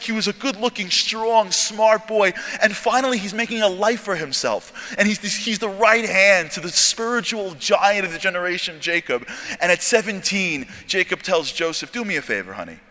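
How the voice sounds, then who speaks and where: Man preaching a story at a convention, lively and jokey, bright forceful voice, big reverby hall. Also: high voice. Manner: animated, jokey, acts out dialogue. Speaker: speaker at a convention. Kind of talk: storytelling sermon talk.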